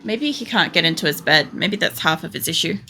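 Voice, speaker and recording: A woman's voice: deep voice, animated, brisk, background noise. A woman chatting casually and swearing freely while streaming a game. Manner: rambling and sweary, lots of fillers. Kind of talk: casual chat while gaming.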